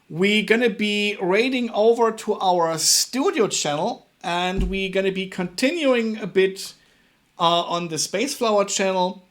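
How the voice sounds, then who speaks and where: Young German-accented man, slightly high voice, casual halting live-coding tutor. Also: fairly bright tone. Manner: halting, repeats words, thinks aloud while working. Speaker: livestream programming tutor.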